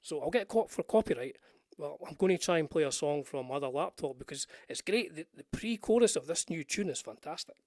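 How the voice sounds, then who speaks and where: A man's voice: on the high side, lively intonation, fairly quick, a little mellow, no room sound, clean studio sound. An older Scottish man hosting a casual livestream, chatting in a meandering way with frequent restarts and asides. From Scotland. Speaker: livestream host. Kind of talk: rambling casual livestream chat.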